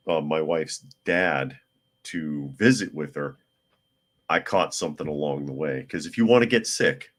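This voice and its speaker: A hoarse man hosting a casual news talk podcast, chatty with wry asides. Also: very deep voice. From United States. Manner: chatty, wry asides, talks to his cat. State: hoarse from a cold. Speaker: podcast host.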